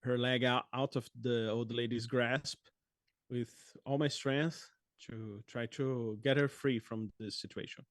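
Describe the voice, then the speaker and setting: A man's voice: medium pitch, steady tone, measured pace, dry recording, studio quality. A man playing a tabletop role-playing game, speaking hesitantly and often restarting his sentences. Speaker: player. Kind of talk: casual tabletop role-play.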